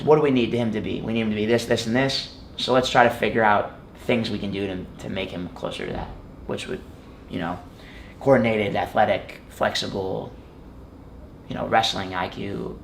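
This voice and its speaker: A man's voice: fairly low pitch, normal speed, creaky, slight background noise. A man in his twenties, a guest in an interview, telling a story casually with many "like"s and restarts. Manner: rambling, filler-heavy storytelling with many "like"s. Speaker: guest wrestler.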